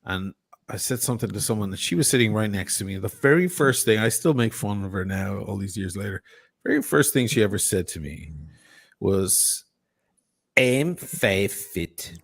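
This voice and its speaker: A middle-aged Dublin man talks in a low, unhurried voice. His Irish accent has softened toward American. He tells stories loosely, drops swear words, and slips into imitations of other accents. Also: lively intonation, gravelly, slightly rough. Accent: Dublin Irish, softened by years in America. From Ireland. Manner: storyteller, swears freely, mimics accents. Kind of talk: casual chat.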